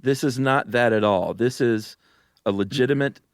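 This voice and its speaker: A man co-hosting a podcast in casual chat, easygoing and quick to laugh. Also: medium pitch, no echo, studio quality. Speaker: podcast co-host.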